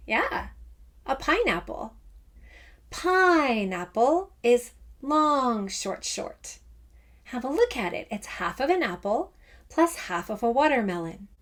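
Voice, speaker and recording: A woman teaching a children's music lesson, encouraging and chanting rhythm words aloud. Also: on the high side. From Canada. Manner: encouraging, speaks slowly and sings out rhythm words.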